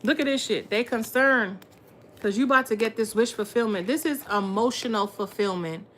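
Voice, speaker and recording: A woman's voice: fairly high pitch, moderate pace, fairly bright tone, slight background noise. A woman giving a casual tarot reading, blunt and full of profanity and slang, talking straight to her viewers. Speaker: tarot reader.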